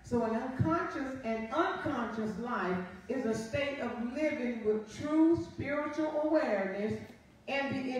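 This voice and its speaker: High-voiced woman pastor preaching in echoey church. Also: distant mic, a little hiss or hum. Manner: preaching, reading scripture aloud and often asking "Amen?". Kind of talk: sermon. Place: church sanctuary. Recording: very echoey live church feed from afar.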